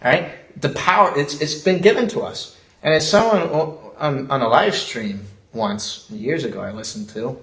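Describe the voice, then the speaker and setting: A man's voice: mid-range voice, lively intonation, moderate pace, a bit bright. A man preaching a sermon as pastor, in a conversational style that is broken often by chuckles. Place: church sanctuary. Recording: roomy church echo.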